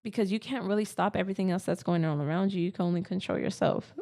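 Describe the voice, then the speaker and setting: A woman's voice: on the low side, fast, creaky, dark tone. A woman co-hosting a casual spiritual podcast chat, earnest and rambling with lots of fillers. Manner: earnest, rambling, many fillers like "you know what I mean". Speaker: podcast co-host.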